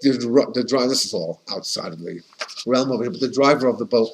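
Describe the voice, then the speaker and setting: A man's voice: medium pitch, a little fast, vocal fry, a little hiss or hum, low-quality recording. A man, a rabbi, teaching a casual class in a chatty, anecdotal way, often restarting his sentences and dropping in Yiddish and Hebrew terms. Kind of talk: casual conversational lesson.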